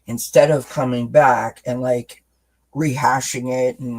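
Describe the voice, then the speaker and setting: Male tarot reader on a live stream, mid-pitched, rambling and warmly chatty, lots of restarts. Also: steady tone, unhurried, poor audio. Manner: talks directly to viewers as friends.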